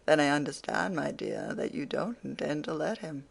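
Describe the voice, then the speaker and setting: An audiobook reader playing a gentle, meek little father who answers mildly and soothingly. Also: medium pitch, moderate pace, creaky, slightly rough. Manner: mild, soothing and agreeable.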